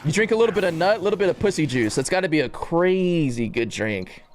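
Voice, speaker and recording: A man's voice: fairly high pitch, fast, faint music behind. A young man streaming a game live, chatting casually with crude jokes and frequent laughter. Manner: animated, laughing, crude joking. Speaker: gaming streamer.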